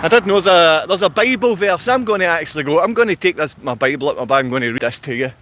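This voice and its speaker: A man ranting angrily at his viewers in a livestream, insulting and yelling at them. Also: on the high side, expressive, fast talker. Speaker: vlogger. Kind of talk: angry livestream rant. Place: outdoors in his town.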